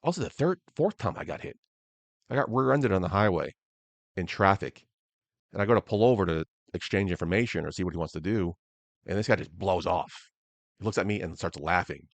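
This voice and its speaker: Angry deep-voiced man telling a story. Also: expressive, fairly quick, no room sound. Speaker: podcast host. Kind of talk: solo storytelling podcast.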